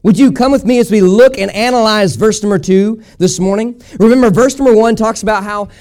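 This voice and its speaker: A man's voice: high voice, fairly quick, darkish tone. A man preaching a sermon at a church service. He builds emphatic, rhythmic repetitions and calls on the congregation to answer. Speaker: pastor.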